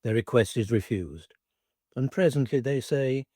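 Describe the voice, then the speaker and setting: A man reading a first-person wartime memoir aloud as scripted narration, in an expressive, measured way. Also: medium pitch, dry recording, clean studio sound.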